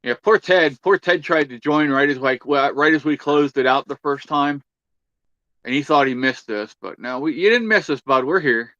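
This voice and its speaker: A man's voice: on the high side, normal speed, fairly bright tone, no echo, muffled recording. A man hosting a casual livestream chat, easygoing and chatty, reading out viewer comments. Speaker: livestream host.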